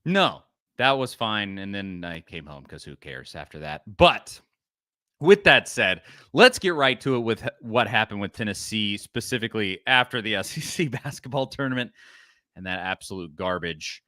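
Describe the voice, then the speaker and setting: A man hosting a casual sports podcast, chatting with laughs and rattling through ad reads quickly. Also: fairly low pitch, dry recording, studio quality. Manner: lively, laughing, reads ad copy fast. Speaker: podcast host.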